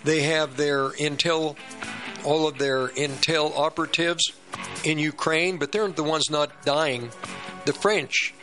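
A man's voice: on the high side, steady tone, slow pace, sharp tone, faint music behind. A man hosting a political talk radio show, rambling and repeating himself as he comments.

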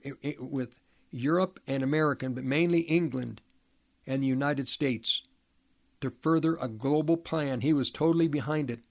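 A man giving a preaching monologue, halting and often repeating or restarting words, pressing his points with emphatic rhetorical questions. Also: medium pitch, a little mellow.

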